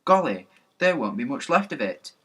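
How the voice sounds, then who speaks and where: A man voicing an excited schoolboy who exclaims eagerly as he watches a fire. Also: medium pitch, normal speed, pitched above the performer's own voice.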